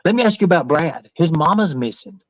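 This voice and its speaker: A man's voice: on the high side, expressive, fairly quick, lo-fi sound, a crowd in the background. A man hosting a livestream panel, roasting and needling his guests in crude, profane banter. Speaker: livestream host.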